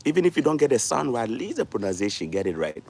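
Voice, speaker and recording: A man's voice: mid-range voice, big pitch swings, quick pace, a little mellow, breathy edge. A man, hosting a casual livestream and lecturing his viewers, repeating words for stress. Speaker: livestream host.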